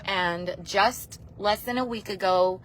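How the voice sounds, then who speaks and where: A woman's voice: medium pitch, slow pace, fairly bright tone, a little hiss or hum. A woman vlogger telling a personal story to her viewers in a rambling, emotional way, tearful at times, with many restarts.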